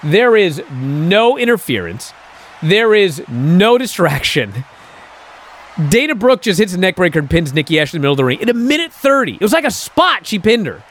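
Here a man hosting a podcast talks in a high voice at a moderate pace. He tells the story with lively incredulity and leans heavily on fillers such as "uh" and "and so."

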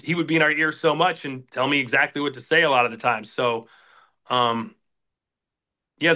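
A middle-aged man, a sports announcer, telling stories in a casual interview and acting out quoted bosses. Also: mid-range voice. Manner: animated, acts out quoted bosses in raised voices.

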